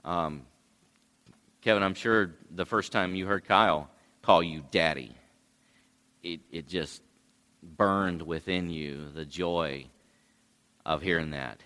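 A man preaching a sermon as pastor, unhurried, with passages that swell into loud cries. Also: low voice. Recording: long hall reverb.

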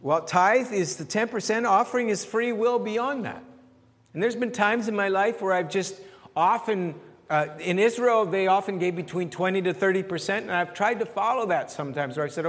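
A man pastor giving a conversational sermon with questions and answers, animated and repeating phrases as he searches for words. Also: high-pitched, normal speed, long reverb tail.

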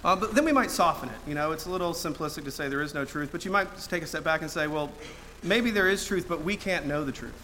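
A preacher delivers a fast sermon in a bright, forceful voice that sits a little high, with a faint hum of noise behind him. His manner is conversational, full of ums and restarts, and he slips in dry jokes.

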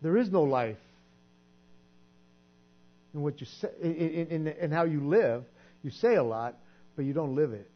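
High-voiced man preaching earnestly. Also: animated, measured pace, long pauses. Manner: earnest, conversational preaching with frequent repeated words. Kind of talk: sermon. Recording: dull lo-fi recording with mains hum.

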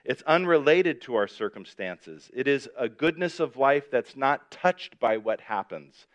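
A man's voice: mid-range voice, expressive, measured pace, dull audio. Conversational male preacher. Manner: conversational, repeats and restarts, reads scripture aloud. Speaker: pastor. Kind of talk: sermon.

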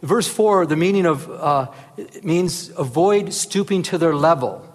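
In a reverberant hall, a man gives a casual, earnest Bible teaching, frequently asking the rhetorical question "remember?". His voice is a little high and measured in pace, rising at times into animated emphasis.

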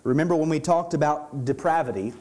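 A high-pitched man with a drawl preaches from the pulpit. He teaches emphatically and stretches out key phrases to drive them home. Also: brisk, warm tone. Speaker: pastor. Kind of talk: expository sermon.

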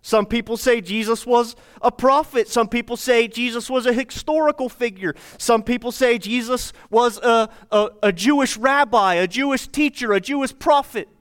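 A man's voice: very high voice, moderate pace, hardly any pauses, a bit bright, clean tone. A man preaching a sermon as pastor, speaking to his congregation with repeated phrases and rhetorical questions. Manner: repetitive, rhetorical questions, addresses congregation directly.

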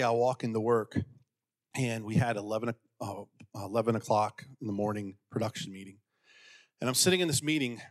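A pastor telling a personal story from the pulpit, acting out voices in a raised pitch and sinking to quiet, intimate passages. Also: male voice. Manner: animated, acts out quotes in a raised pitch. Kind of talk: sermon storytelling.

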